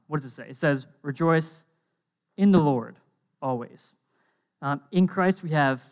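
A young man preaching a casual sermon, conversational and animated, often checking in with his listeners. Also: fairly high pitch. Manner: conversational, lots of "um" and "right?"; animated storytelling.

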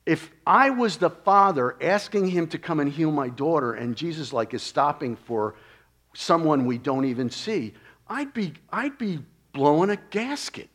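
A man delivers a sermon in a fairly high voice. He moves from loud, excited exclamations to hushed, near-whispered lines. He keeps it conversational, throwing rhetorical questions straight at his listeners. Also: a little slow. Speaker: preacher.

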